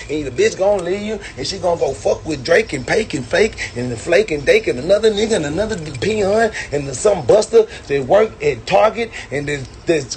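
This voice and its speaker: A man's voice: high voice, slight background noise. A man ranting and boasting in a brash, profane way on a phone livestream. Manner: brash, swaggering, preachy.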